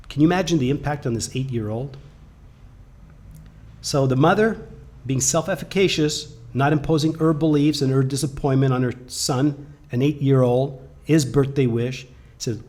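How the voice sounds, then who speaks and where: Shifting between loud bursts and hushed moments, a man presents a motivational story on a webcast with animated energy. He speaks at normal speed in a mid-range voice.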